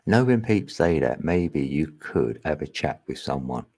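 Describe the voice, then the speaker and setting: A man's voice: a bass voice, sing-song, normal speed, vocal fry, warm tone. A man talking in a rambling, chatty livestream monologue, laughing often and thinking aloud. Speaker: livestream host.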